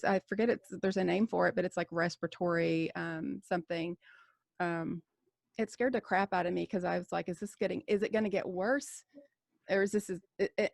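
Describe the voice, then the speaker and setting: A woman in her forties with a gravelly edge to her voice, speaking as a nurse in a casual roundtable podcast chat. She talks candidly and rambles, with plenty of fillers and restarts. The sound is close and dry, with no room around it. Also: medium pitch, no echo. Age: 40s.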